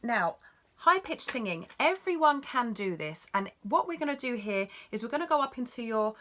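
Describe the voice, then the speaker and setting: With a fairly high, sing-song voice and a fairly bright tone, a singing instructor talks through vocal technique at a moderate pace. Her manner is encouraging and instructive, and she demonstrates notes as she teaches.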